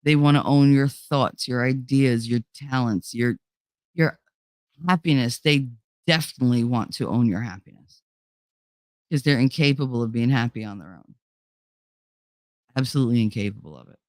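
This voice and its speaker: A woman's voice: extremely low pitch, moderate pace, long pauses, a little mellow, no room sound, clean studio sound. A woman hosting a casual livestream and reading viewer chat. She talks bluntly, swears a lot and laughs often. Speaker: livestream host.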